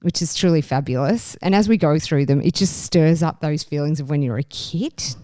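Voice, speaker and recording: A woman's voice: low voice, fairly quick, warm tone, no echo. A woman hosting a podcast, chatty and enthusiastic in casual chat. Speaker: podcast host.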